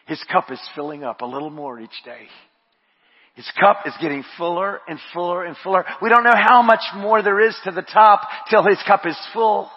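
A man preaching a sermon. He drops to hushed murmurs, rises to shouted refrains, repeats his phrases and speaks in tongues. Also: high voice, normal speed, breathy edge. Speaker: pastor. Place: church sanctuary. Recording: dull audio with long hall reverb.

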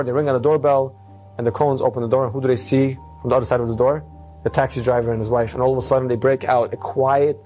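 A man telling a moral story with dramatic delivery, swinging his pace and pitch. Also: darkish tone.

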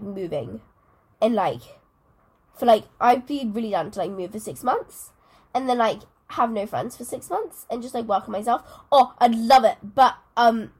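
Teen girl podcast co-host, slightly husky, high-ish voice, rambling casual chat. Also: a little mellow. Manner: chatty, rambling, giggly.

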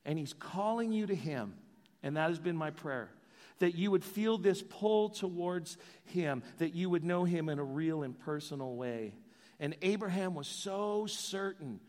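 A man preaching a sermon as pastor, animated and joking in asides. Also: on the high side, big-room sound.

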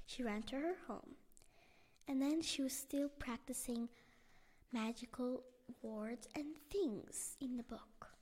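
A woman narrating a bedtime story in simple, halting sentences with restarts. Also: high voice, darkish tone. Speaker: podcast storyteller.

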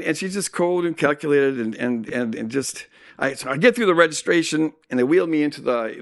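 A man telling a personal story in a sermon, animated and acting out what people said. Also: mid-range voice, creaky. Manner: animated storytelling with acted-out quotes. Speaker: speaker.

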